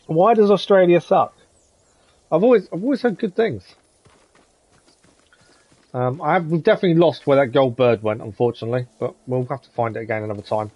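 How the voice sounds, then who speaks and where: A man chats through a live gaming stream, friendly and rambling as he reads out viewers' messages. His voice sits in a middle pitch, recorded close and dry with no room echo. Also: a little fast, long pauses, highs cut off. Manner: chatty, friendly, reads chat aloud, says "to be fair" often. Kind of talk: casual gameplay commentary, chatting with viewers.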